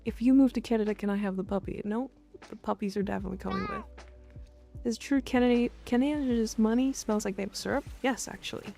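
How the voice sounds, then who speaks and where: Woman streamer, gravelly voice, soft music playing behind, playful chat with viewers. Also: fairly high pitch, fast talker. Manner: playful, chatting back to viewers. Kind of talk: casual live-stream chat.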